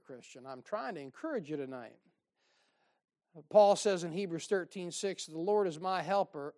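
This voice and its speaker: A man's voice: high voice, a little mellow. A man preaching a sermon in a folksy, exhorting way, with asides and short laughs.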